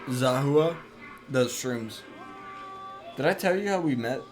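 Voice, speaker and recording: A man's voice: mid-range voice, slow. A young man chatting casually and telling rambling stories while he streams a game from home. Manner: relaxed, rambling storytelling. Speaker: live streamer. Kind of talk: casual chat while gaming. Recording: music playing behind.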